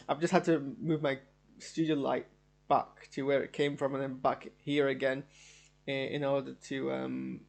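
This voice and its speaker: A man hosting a live reaction stream from a home studio, his voice sitting a bit on the high side. He talks in long, rambling runs, eager and enthusiastic throughout. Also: creaky, a little mellow. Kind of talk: live casual show reaction.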